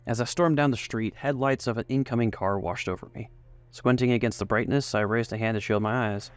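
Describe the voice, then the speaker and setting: A man's voice: mid-range voice, brisk, soft background music. A man narrating a first-person romance story in an emotive reading style.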